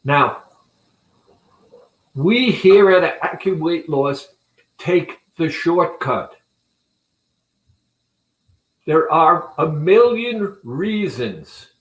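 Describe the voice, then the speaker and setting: A man with a slightly high voice talks to viewers about a weight-loss clinic, slowly and with many pauses. He is earnest and deliberate throughout. His voice rings with the echo of a roomy space. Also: fairly bright tone. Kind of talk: promotional talk to viewers.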